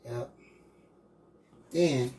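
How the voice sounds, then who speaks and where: A man's voice: mid-range voice, drawn-out words, background noise. A man hosting a casual cooking demonstration in a kitchen, folksy and chatty, talking straight to his viewers and tossing in "boy" as he goes. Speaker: host cooking on camera. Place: kitchen with frying food. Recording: clear frying sizzle behind the voice. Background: sizzling frying food.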